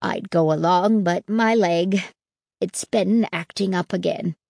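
A woman reading a storybook and voicing an elderly grandfather on a farm, who speaks in a low, terse mutter. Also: takes it slowly, creaky, darkish tone, dry recording, studio quality, exaggerated voice. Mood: weary.

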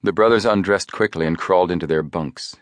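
A man narrating an audiobook with measured storytelling. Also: low-pitched, no echo. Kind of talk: scripted narration.

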